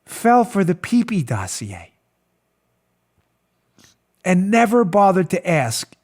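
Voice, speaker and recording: A man hosting a political talk show, speaking in a sarcastic, animated, mocking manner from a studio. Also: high-pitched, slow pace. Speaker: host.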